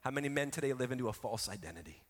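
A male pastor preaching a sermon with emphatic delivery, swinging between quiet asides and loud, rising lines. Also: medium pitch, expressive, racing. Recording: reverberant hall.

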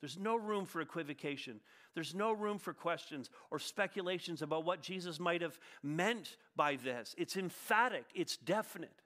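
A man preaching a sermon as a pastor, emphatic and earnest, moving between raised declarations and quieter passages. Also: fairly high pitch, lively intonation, moderate pace. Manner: emphatic preaching, swinging from loud to hushed.

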